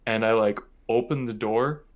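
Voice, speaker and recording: A man's voice: medium pitch, moderate pace. A young man from Michigan, co-hosting a podcast, telling a family story in a rambling, casual way full of "like" and "um". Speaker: podcast co-host.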